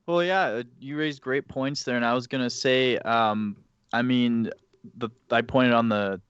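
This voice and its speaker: A man co-hosting a casual podcast, telling stories in an animated way. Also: medium pitch, a little slow, clean tone, dry recording. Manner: animated storytelling. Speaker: podcast co-host. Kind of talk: casual chat. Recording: muffled mic.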